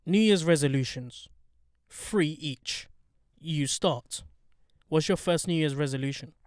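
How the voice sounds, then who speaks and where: A young man co-hosting a casual podcast from a parked car, throwing in street slang and teasing his friend. His voice is smooth and clear and sits a little high. The sound is close and dry on a handheld mic. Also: a little slow, no echo. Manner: joking, slangy, hypes things up. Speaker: podcast co-host. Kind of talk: casual chat.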